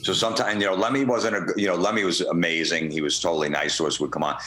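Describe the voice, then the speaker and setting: Guy with a really low voice, rambling profane stories, bright tone, roomy echo. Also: fairly even intonation, racing, a little hiss or hum. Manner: rambling, profane, laid-back anecdotes. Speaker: comedian guest. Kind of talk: casual storytelling interview.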